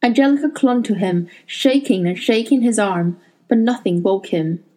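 Mellow-voiced woman reading a novel. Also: mid-range voice, moderate pace, rough recording. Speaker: audiobook narrator.

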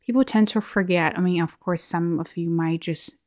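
A reflective woman from China, speaking with a Chinese accent, delivers a casual vlog monologue full of restarts and fillers. Her fairly low, darkish voice moves at a moderate pace with fairly even intonation, recorded in clean studio sound with no room echo.

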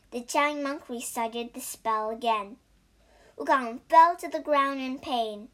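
A woman teacher narrating a story slowly and carefully for language learners and spelling out words. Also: sits high, a bit bright. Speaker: English teacher and story reader.

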